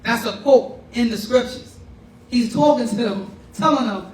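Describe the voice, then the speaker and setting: Male teacher, high voice, casual talk, keeps checking in; distant mic. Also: a little slow. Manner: conversational, often checks in with "right?" and "you know what I'm saying?". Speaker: class teacher. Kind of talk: informal lecture. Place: room with a class. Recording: roomy and distant with faint noise.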